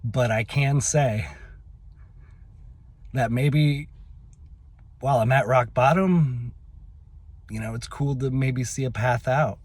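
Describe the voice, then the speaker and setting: Husky, halting man telling a personal story. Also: medium pitch, a little mellow, no echo. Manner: emotional, halting, with many fillers and restarts. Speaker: vlogger.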